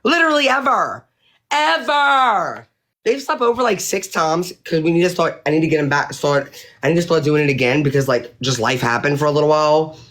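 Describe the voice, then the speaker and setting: A woman's voice: deep voice, steady tone, quick pace. Indignant, profane woman ranting on a livestream. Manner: indignant, profane, rambling with restarts. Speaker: livestreamer addressing viewers. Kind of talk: heated livestream rant.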